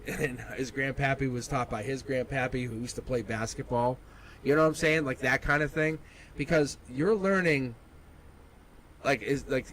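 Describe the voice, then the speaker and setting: A man giving a live tarot reading, blunt and animated, laughing often and acting out what people say. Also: mid-range voice, low-quality recording. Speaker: tarot reader.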